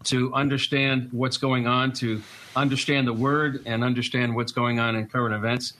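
Bright-voiced man with a Boston accent. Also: medium pitch, level tone, moderate pace, slight background noise. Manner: earnest, explanatory, with frequent fillers and restarts. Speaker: guest commentator. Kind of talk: conversational discussion.

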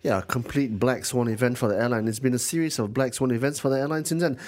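A man co-hosting a morning business radio programme. He talks loosely and with humour, pausing on fillers as he works through the figures. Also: mid-range voice, steady tone, a little mellow. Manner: chatty, jokey, many fillers. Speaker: radio show co-host. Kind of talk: business news radio chat.

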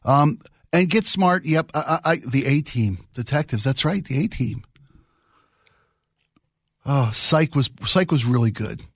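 A man's voice: on the high side, expressive, measured pace, long pauses, a bit bright, no echo, studio quality. A middle-aged man hosting a radio show, chatting casually and enthusiastically, rambling about old television. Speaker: radio host. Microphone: studio microphone.

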